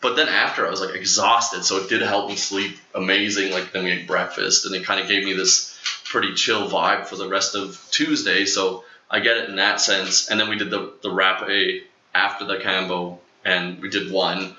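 A young man tells a long personal story in loose, rambling chat, his low voice very bright and forceful, with little pitch movement and a moderate pace. He relies on fillers and slips into small acted-out quotes. The recording is dull and lo-fi in an echoey, roomy space.

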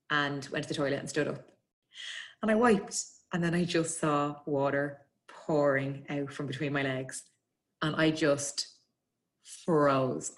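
An Irish woman with a low, husky-free speaking voice tells a personal story in a casual interview. She talks quickly and chattily, breaking into laughs and putting on the voices of the people she quotes. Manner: quick, chatty, laughs often, re-enacts dialogue. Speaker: guest telling her birth story.

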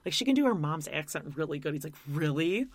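A woman's voice: low-pitched, lively intonation, quick pace. A woman co-hosting a podcast, chatting and gossiping with easy laughter. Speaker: podcast co-host. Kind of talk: casual chat.

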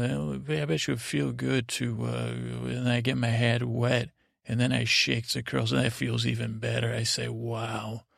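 A man hosting a podcast, telling a meandering bedtime story in a halting, drowsy way. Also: medium pitch, vocal fry, no room sound, clean studio sound. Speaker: podcast host. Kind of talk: rambling bedtime story narration.

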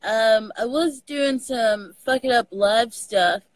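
A woman's voice: fairly high pitch, slow pace, no room sound, rough recording. A woman with a Texas accent, chatting casually on a video call and telling stories with the odd swear word. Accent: Texan. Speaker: guest. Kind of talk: casual chat over a live video call.

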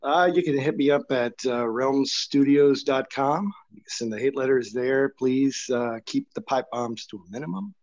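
A man's voice: mid-range voice, moderate pace, a little mellow, dry recording. Brief: middle-aged man, blunt and wry, self-mocking guest, dry and dull-sounding remote line. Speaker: guest author. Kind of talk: casual interview chat.

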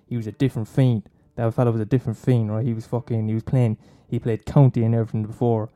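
A man's voice: medium pitch, flat delivery, fast, mellow. A young man doing a profane, mocking comic rant, rambling and swearing constantly. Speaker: comedian.

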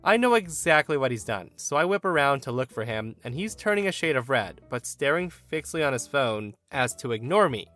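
Animated male story reader. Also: mid-range voice, brisk, few pauses, soft background music. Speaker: story narrator. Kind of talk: reading a forum story aloud.

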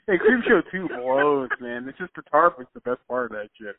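A man co-hosting a podcast in casual chat, easygoing and agreeable, quick to laugh. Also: mid-range voice, lively intonation, no room sound. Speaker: podcast co-host. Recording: phone-like sound with clear background hiss.

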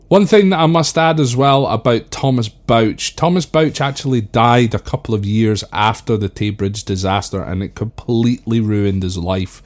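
A man hosting a history podcast, talking casually and calling his listeners folks. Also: on the low side. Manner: chatty, addresses listeners as folks.

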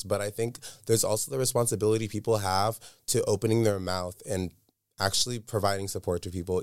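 A man's voice: fairly low pitch, darkish tone, smooth, no room sound, studio quality. A man speaking as an interview guest, telling a candid personal story in an earnest, emphatic way and repeating words for stress.

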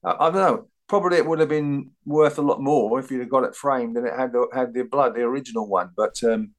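A man in his sixties, a former footballer and podcast guest, chatting in a rambling, halting way with many restarts. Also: medium pitch. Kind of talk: casual chat.

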